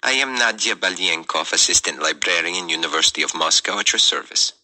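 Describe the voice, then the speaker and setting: A man's voice: low-pitched, lively intonation, brisk, bright, forceful tone, heavily acted, rough recording. A man reading the lines of a stout, businesslike Russian woman librarian, in a formal, declaratory manner. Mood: brisk.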